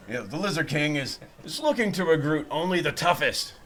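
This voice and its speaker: A man's voice: a little high, expressive, brisk, a bit bright. A man narrating as game master at a tabletop game, in a loose, rambling way with many fillers and restarts.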